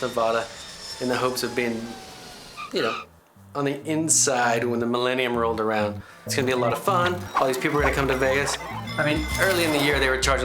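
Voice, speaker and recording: Guy rambling thru a funny true story, lots of side tangents, music playing behind him. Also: medium pitch. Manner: rambling, chatty, full of asides and digressions. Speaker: host and narrator of a comedy reenactment show. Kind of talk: comedic first-person storytelling.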